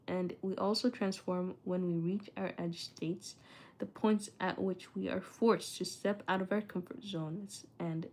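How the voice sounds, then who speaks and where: A medium-pitched, slightly mellow voice belongs to a young woman who vlogs about studying. Chatty and prone to talking to herself, she reads a book aloud to viewers with stumbles and restarts, her retainers thickening her speech a bit.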